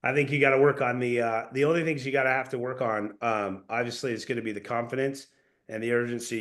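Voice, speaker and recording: A man coaching a sales team in a casual, energetic way, often calling people "dude" or "bro". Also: medium pitch. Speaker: sales trainer.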